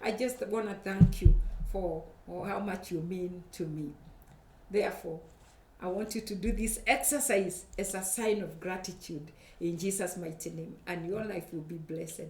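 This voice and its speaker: A woman's voice: fairly low pitch, steady tone, moderate pace, darkish tone. A woman pastor preaches and prays earnestly, often going back over her words as she builds up. Her voice rings in an echoey room and sits at a distance from the mic. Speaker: pastor and show host. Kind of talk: preaching and prayer.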